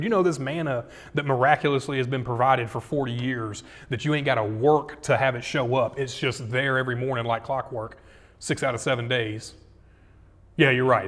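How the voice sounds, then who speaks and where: A man preaching a casual, jokey sermon, acting out scripture quotes with dramatic swings in loudness and pitch. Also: fairly even intonation, normal speed. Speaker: pastor.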